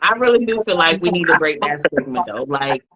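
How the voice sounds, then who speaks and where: A woman's voice: low-pitched, animated, a little fast, bright, forceful tone, highs cut off. A young woman co-hosting a casual talk show, teasing the others and laughing often. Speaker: podcast co-host. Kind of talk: casual group chat.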